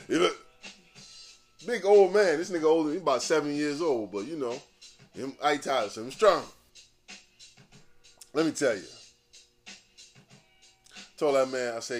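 A man hosting a podcast, ranting casually in profane, animated street slang. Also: on the high side, measured pace, pauses often, faint music behind. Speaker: podcast host. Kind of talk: casual rant.

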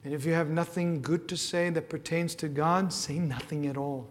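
A man preaching a sermon with passion, rising to loud cries and dropping to hushed tones. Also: on the high side, fairly even intonation, moderate pace, a little hiss or hum. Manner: impassioned, swings from shouting to hushed. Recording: long hall reverb.

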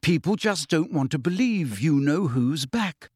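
Snide gossipy lady reporter, cold and cutting, pitched up high, man doing the voice. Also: animated, a little slow, a little mellow, husky, dry recording, studio quality. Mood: businesslike. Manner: cold, scornful, cackling. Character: scheming gossip-hungry middle-aged female reporter.

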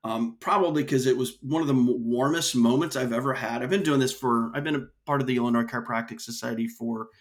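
Speaking fast with few pauses in a medium-pitched voice, a man from the United States guests on an interview podcast. An association executive, he tells stories earnestly and frequently restarts sentences.

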